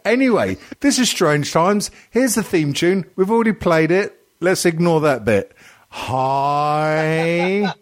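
A man's voice: sits high, big pitch swings, moderate pace, hardly any pauses. A man hosting a crude comedy podcast, rambling, teasing his guests and swearing a lot. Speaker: podcast host.

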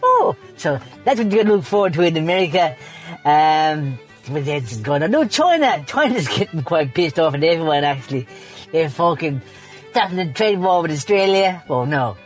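A man's voice: fairly high pitch, big pitch swings, normal speed. Comic character: man putting on a foul-mouthed, ranting grump, voice lurching up and down, faint music underneath. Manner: profane, ranting, mocking. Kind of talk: comedic character rant.

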